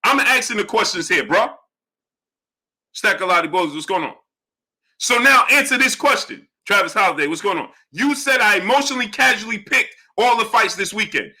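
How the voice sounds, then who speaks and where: A man's voice: high-pitched, lively intonation, fairly quick, sharp tone, husky. A man hosting a live boxing stream, arguing with chatters and greeting them by name. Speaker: livestream host. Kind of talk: live chat boxing talk.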